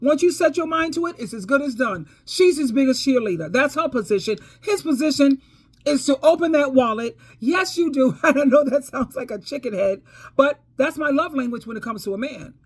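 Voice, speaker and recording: A woman's voice: high voice, expressive, a little fast. A woman giving casual storytime advice, preachy and emphatic, calling listeners baby and girl, and repeating herself for emphasis. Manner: repeats phrases for emphasis, laughs between points. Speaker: advice vlogger.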